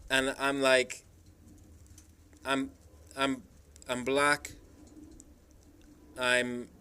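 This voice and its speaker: A man from the Isle of Man talks in a rambling, emphatic way, circling back and restarting as he tells his stories. His voice sits at an ordinary middle pitch with a smooth, resonant tone. He speaks like a casual vlogger addressing his viewers. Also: monotone, extremely slow, pushed and bright. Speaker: travel vlogger. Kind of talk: casual monologue.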